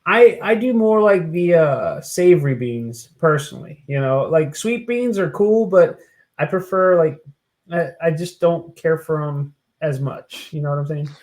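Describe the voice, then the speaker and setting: A man's voice: fairly high pitch, expressive, measured pace, darkish tone. A man co-hosting a podcast, talking in a laid-back, rambling way with lots of "like" and "you know". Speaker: podcast co-host. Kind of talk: casual chat.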